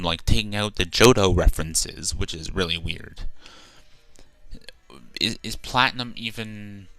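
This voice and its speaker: A man's voice: fairly low pitch, a bit bright, smooth, no echo. A young man from Canada streaming a game, rambling casually, stumbling over his words and swearing freely as he corrects himself. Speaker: let's play streamer.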